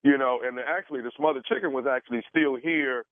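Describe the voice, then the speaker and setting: A man's voice: mid-range voice, no room sound. Stammering man on a tinny phone line. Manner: halting, stammering, full of fillers. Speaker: radio prank caller. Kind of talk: prank phone call.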